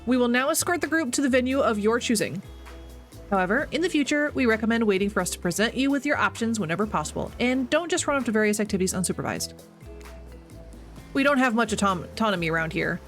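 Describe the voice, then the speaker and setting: A streamer reading the lines of a polite, nervous female resort worker in a stiffly formal manner, over quiet music. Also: mid-range voice, animated, fast talker, pitched above the performer's own voice, natural voice.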